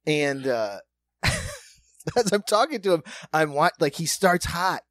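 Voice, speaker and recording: A man telling a long story on a podcast in a lively, animated way, acting out other people's voices and laughing often. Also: on the high side, takes it slowly, dry recording. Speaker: podcast co-host. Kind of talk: casual storytelling chat.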